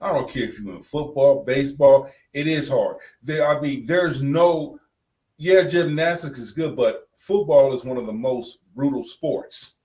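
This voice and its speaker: A man's voice: medium pitch, unhurried, darkish tone, low-quality recording. A man co-hosting a podcast in casual chat, blunt and emphatic, repeating phrases for punch. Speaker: podcast co-host.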